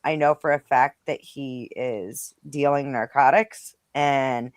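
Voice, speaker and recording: A woman's voice: very deep voice, fairly even intonation, takes it slowly, dry recording. A woman speaking bluntly and swearing freely as a panelist in a casual political chat. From Rhode Island.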